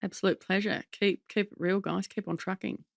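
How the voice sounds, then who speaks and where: A woman guesting on a podcast, talking in a gravelly, rough-edged voice with a wry, dry humor. She hesitates often and fills gaps with ums. The sound is close and dry, with no room around her. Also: medium pitch, steady tone, a little fast, no room sound. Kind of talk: casual conversation.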